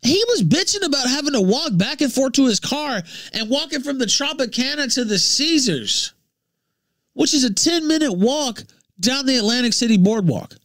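A man from Memphis, ranting profanely on his livestream, jumping between shouts and low mutters. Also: big pitch swings, moderate pace, no echo, studio quality. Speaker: livestream host.

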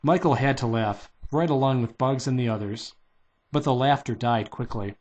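A man's voice: medium pitch, normal speed, a little mellow. A man casually reading a children's novelization aloud, barely changing his voice for the characters.

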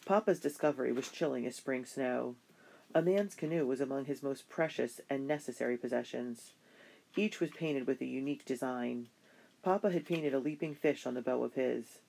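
A middle-pitched voice reads a children's historical novel aloud. The delivery is steady, like a bedtime story, with only light voicing for the characters. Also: vocal fry. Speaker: narrator. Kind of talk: audiobook narration of a children's novel.

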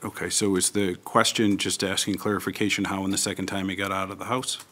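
Low-voiced man chairing a public hearing. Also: flat delivery, a bit bright. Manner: procedural, measured. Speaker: meeting chair.

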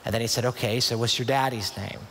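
A man's voice: mid-range voice, steady tone, quick pace, fairly bright tone, slight background noise. A man in his thirties telling a personal story as a youth conference speaker, earnest and confiding, often restarting his sentences. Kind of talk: storytelling sermon. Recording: long hall reverb.

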